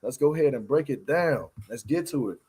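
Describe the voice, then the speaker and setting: A man's voice: medium pitch, lively intonation, brisk, warm tone, slightly rough. A man hosting a loose, slangy livestream recap of a reality show, laughing often as he talks. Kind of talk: casual livestream commentary.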